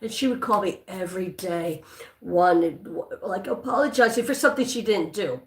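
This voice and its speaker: A woman chats on her own livestream, wandering through a personal story with plenty of fillers, restarts and asides. Her pitch sits in a middle range, and the room around her gives a noticeable echo. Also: animated, normal speed, fairly bright tone. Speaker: livestream host. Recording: echoey room.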